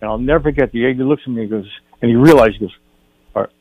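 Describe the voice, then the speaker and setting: A man's voice: mid-range voice, racing, no room sound, narrow, tinny audio. An older man, a guest film director, telling a story on a radio talk show and acting out the dialogue.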